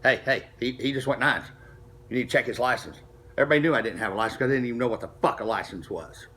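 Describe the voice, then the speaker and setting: A middle-aged man casually telling a racing story to camera, profane and animated, acting out the people he quotes. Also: medium pitch, rapid-fire. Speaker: street racer telling a story.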